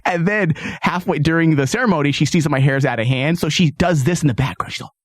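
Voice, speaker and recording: A young man hosting a podcast, telling a comic story and acting out other people's lines with sudden high outbursts. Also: quick pace, no echo, clean studio sound. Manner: animated storyteller, acts out quotes with sudden high-pitched outbursts. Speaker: podcast host. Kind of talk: casual comedic chat.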